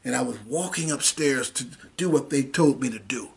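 A man's voice: medium pitch, moderate pace, gravelly, husky. A man preaching a sermon over the internet, mixing scripture with a dramatic personal testimony in a folksy manner. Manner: folksy, dramatic storytelling, acts out voices. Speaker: minister.

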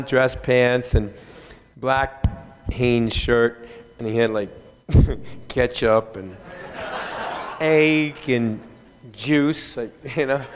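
A man, a fitness trainer, telling stories in an animated, chatty way at a conference, often chuckling as he speaks. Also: fairly high pitch, unhurried, a little hiss or hum. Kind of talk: keynote storytelling. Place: large conference hall. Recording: reverberant conference hall.

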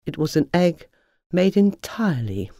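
Storyteller, children's story, lively, mellow tone, dry sound. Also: medium pitch, measured pace, no echo. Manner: lively, expressive storybook narration. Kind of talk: reading a children's story aloud.

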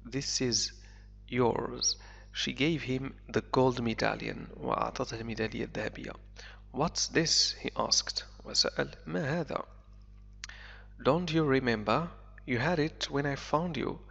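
A male English teacher whose first language is Arabic reads a story aloud, translating it line by line. He talks slowly and repeats key words for learners. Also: mid-range voice, vocal fry, a bit bright. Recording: echoey, dull lo-fi recording.

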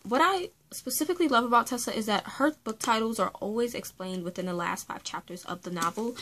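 A woman's voice: mid-range voice, a bit bright, slight background noise, poor audio. A young woman talking through a book review in a casual, earnest way, with many fillers and restarts.

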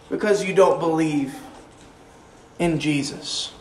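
A male preacher delivers a sermon with earnest emphasis, slowing down to lean on his key lines. He is caught from a distance in an echoing church sanctuary. A faint room hum sits under his voice. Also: sits high. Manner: earnest, slows down to stress key phrases, repeats words as he restarts. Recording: roomy echo, mic at a distance, faint room noise.

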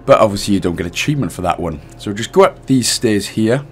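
A hungover Welsh man talks through a game walkthrough in a relaxed, chatty voice that sits fairly low. He laughs at himself now and then, and faint game music runs underneath. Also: quick pace. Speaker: gaming channel host.

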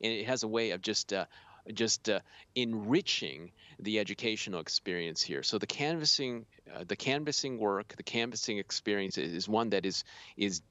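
A middle-aged man, a college president, explaining in an earnest, measured way during an interview. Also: on the low side, sharp tone, no room sound, dull audio. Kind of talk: studio interview.

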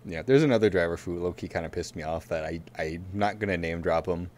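A man's voice: sits low, quick pace, darkish tone. A man co-hosting a racing podcast in casual chat, telling a long rambling story full of fillers and frequent laughs. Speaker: podcast co-host.

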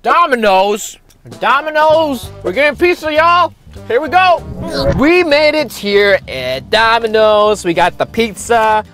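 A man hosting an energetic food challenge vlog, excitable and playful, exclaiming often. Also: extremely high pitch, measured pace, soft background music. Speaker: vlogger host.

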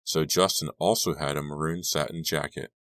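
A man narrating a teen horror audiobook in the first person, reading in a steady, measured way. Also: extremely low pitch, no echo, studio quality.

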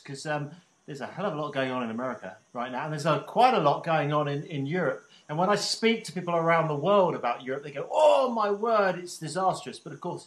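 A man's voice: fairly high pitch, a bit bright. A man hosting an interview show, chatty and jokey, sometimes stumbling over his words. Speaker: podcast host. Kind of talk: casual interview talk. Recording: echoey room.

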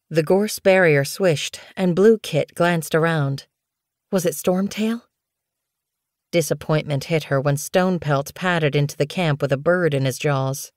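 Low-voiced woman reading a storybook. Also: measured pace, dry recording, clean studio sound. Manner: even, clear storytelling. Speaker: audiobook narrator. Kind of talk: scripted storybook narration.

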